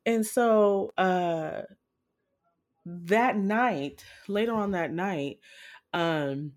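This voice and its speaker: A woman casually telling a personal story in a frank, profane and animated way, jumping in pitch as she retells moments. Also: extremely slow.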